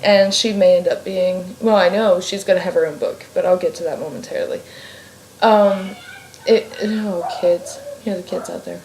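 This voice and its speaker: A woman's voice: fairly low pitch, steady tone, normal speed, a little mellow. A woman from Ohio, a fiction writer, talking casually in a rambling, sidetracked way and swearing freely. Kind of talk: casual vlog chat. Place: home room. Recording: echoey room with faint ambient noise.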